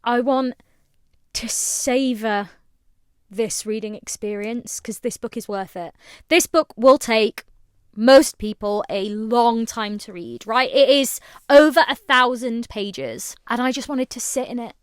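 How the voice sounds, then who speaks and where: A woman's voice: fairly high pitch, slow pace, clear, resonant tone, no echo, clean studio sound. A woman in her late twenties, a book content creator, giving an earnest, emotional book review while tired. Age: late 20s. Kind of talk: casual book review to camera.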